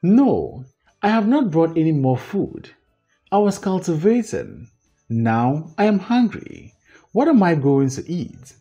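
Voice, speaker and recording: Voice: mid-range voice, very animated, slow pace, warm tone, husky, lo-fi sound, soft background music, heavily acted. Narrator voicing an angry farmer's wife. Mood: indignant. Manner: indignant, scolding.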